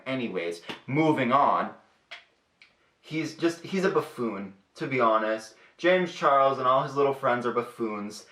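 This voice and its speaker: A young man talks through his makeup routine with a sassy, profane, chatty edge. His voice is bright and forceful, and the room around him sounds echoey. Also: mid-range voice, normal speed. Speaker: beauty vlogger. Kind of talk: casual makeup tutorial chat.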